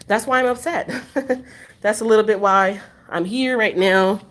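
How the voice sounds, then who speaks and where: A woman's voice: medium pitch, unhurried, fairly bright tone. A woman talking casually to her vlog camera while walking around her neighborhood, rambling and repeating herself as she candidly criticizes herself. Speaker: vlogger. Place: outdoors on a neighborhood walk.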